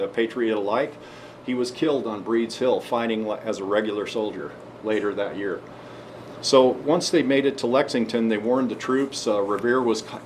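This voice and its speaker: A man's voice: on the low side, slight background noise. A man addressing an audience in a conversational history talk, telling the story and asking emphatic rhetorical questions. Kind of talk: history talk and advocacy speech.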